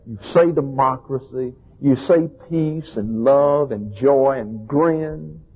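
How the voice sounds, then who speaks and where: Male pastor, emphatic scornful sermon, husky voice, phone-quality recording. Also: mid-range voice. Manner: emphatic, scornful preaching with rhetorical questions.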